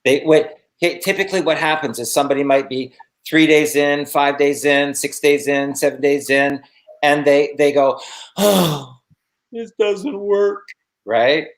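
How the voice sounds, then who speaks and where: A man's voice: a little high, normal speed. A man hosting a motivational interview as a business coach, emphatic and fond of repeating words for effect.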